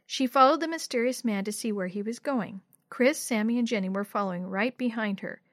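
A woman's voice: fairly high pitch, fairly quick, dry recording, clean studio sound. Woman reading a children's story. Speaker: narrator.

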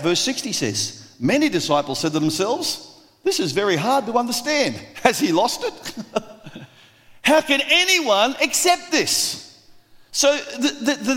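High-voiced preacher in a hall. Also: male voice. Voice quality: lively, acts out voices of the crowd. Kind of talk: sermon. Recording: long reverb of a large hall.

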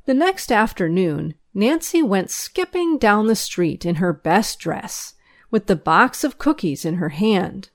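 A woman reads a school paper aloud, its news and its children's stories. Her delivery is unhurried and measured, and her intonation rises and falls in a lively way. Her voice sits at an ordinary middle pitch. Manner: measured, expressive storytelling. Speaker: reader.

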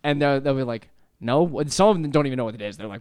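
A young man hosting a casual podcast, telling stories with lots of laughs and animated voices. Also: medium pitch, fast talker, clear, resonant tone, dry recording, studio quality. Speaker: podcast host. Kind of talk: casual chat. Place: apartment.

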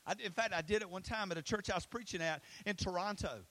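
A man preaching an energetic sermon, telling stories and chatting with the crowd, swinging from loud and animated to hushed and intimate. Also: high voice, fast, poor audio. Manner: storytelling, conversational asides to the crowd. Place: school facility used for a church launch.

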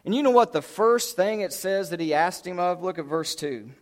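A man preaching a sermon, telling Bible stories in an animated way and stretching out key words for emphasis. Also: sits high, moderate pace. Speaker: pastor.

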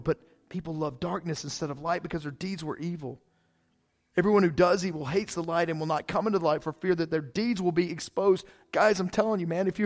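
A male pastor preaching a sermon in a casual, fired-up way, often saying "man". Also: high-pitched.

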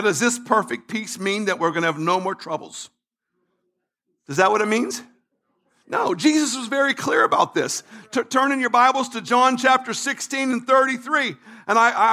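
A man pastor preaching a sermon, emphatic, repeating phrases and building to shouts. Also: extremely high pitch, fairly quick.

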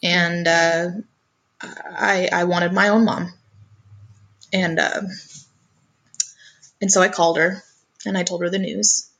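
An earnest woman recounts a painful family story in a relaxed, conversational way. Her voice sits a little low for a woman, and she often stumbles and repeats her first words before pressing on. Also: takes it slowly, long pauses. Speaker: guest telling her life story.

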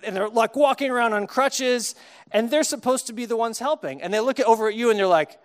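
A man's voice: very high voice, quick pace, clean tone. A man from Texas preaching a sermon, casual and humorous, acting out little dialogues with comic voices. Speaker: pastor.

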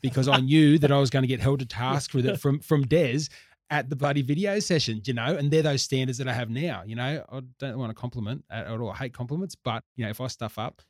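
A man and former player, chatting casually, blunt and quick, swearing now and then. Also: mid-range voice, darkish tone, no room sound, clean studio sound. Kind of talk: casual chat.

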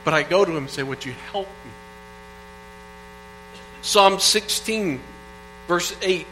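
Middle-aged preacher guy from indiana, earnest, reads psalms, fairly high voice, faint hum under it. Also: lively intonation, slow. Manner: earnest, reads scripture aloud and swings from soft to loud. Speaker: pastor. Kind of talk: sermon. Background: faint mains hum.

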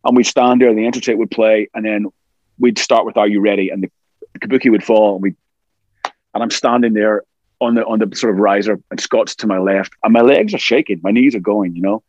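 A man's voice: lowish voice, a little fast, no room sound, dull audio. A middle-aged man, a rock singer from Scotland, telling stories in a casual interview and acting out what people said. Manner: animated storyteller, acts out quotes.

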